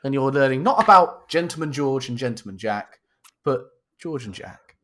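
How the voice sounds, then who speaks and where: A man's voice: mid-range voice, expressive, moderate pace, a bit bright. A young man co-hosting a podcast, chatting casually in a jokey, sweary, mock-grand way. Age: young adult. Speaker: podcast co-host. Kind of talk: casual chat.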